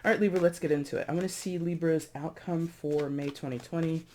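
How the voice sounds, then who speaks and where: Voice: medium pitch, fairly even intonation, fast talker, a little mellow, slight background noise. Chatty, rambling tarot reader. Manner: chatty, rambling, repeats and corrects self. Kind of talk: casual tarot reading to camera.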